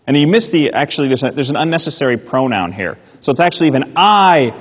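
A man preaching a sermon in an animated way, with mock-indignant asides. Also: medium pitch, fairly quick. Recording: dull sound in a reverberant hall.

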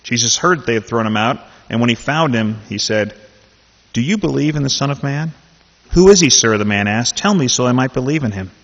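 A man's voice: mid-range voice, animated, fairly quick, a bit bright. A man leading a Bible study, talking casually and then reading a scripture passage aloud with animation. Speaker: Bible teacher. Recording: dull sound in a reverberant hall.

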